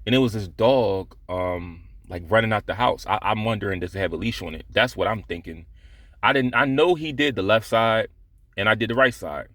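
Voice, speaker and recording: A man with a fairly low voice tells a story from his job, blunt and profane, circling back with restarts and fillers. The sound is close and dry, with no room around him. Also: moderate pace, a bit bright, no room sound. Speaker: vlogger telling a work story. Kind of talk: casual storytelling vlog.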